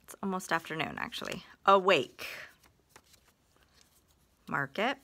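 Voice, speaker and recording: A woman's voice: on the low side, huge pitch swings, measured pace, vocal fry, bright, forceful tone. A woman teaching phonics in a recorded lesson, patient, stretching out example words and sentences.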